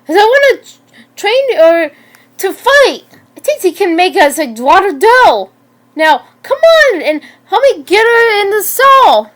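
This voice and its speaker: A woman voicing a greedy, scheming man who runs dog fights, loud and excited, in an amateur story reading where she stumbles over words. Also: very high-pitched, a little slow, pitched above the performer's own voice, exaggerated voice.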